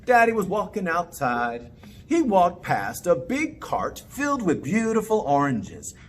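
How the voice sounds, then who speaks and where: A man telling a children's story in a playful, animated way, inviting the kids to join in. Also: high-pitched, a little slow, a little hiss or hum. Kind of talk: interactive children's story time.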